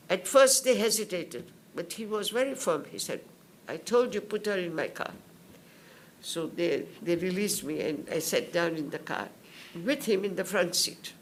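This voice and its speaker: An older woman from India giving spoken testimony at a public hearing, telling her story slowly and in detail and acting out what others said. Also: lowish voice, vocal fry, a little hiss or hum. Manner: slow, detailed storytelling that acts out others' words.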